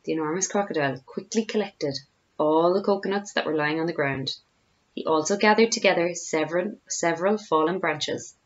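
A woman, a teacher, reading a children's storybook aloud with expressive storytelling. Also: on the low side, fairly quick, dull audio.

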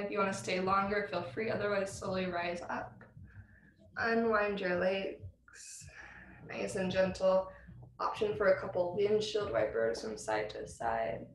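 A woman teaching a vinyasa yoga class over a video call from home, giving calm, encouraging cues with soft laughs. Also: medium pitch, a little hiss or hum. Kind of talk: guided vinyasa class instruction. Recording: roomy video call audio, faint ambience.

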